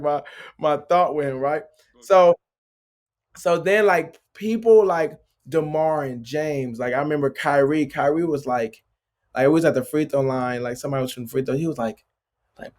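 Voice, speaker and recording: A man in his late thirties, a basketball player as interview guest, telling stories loosely with lots of filler words. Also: fairly high pitch. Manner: loose and filler-heavy, constant "like" and "bro", animated retelling. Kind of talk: casual storytelling interview.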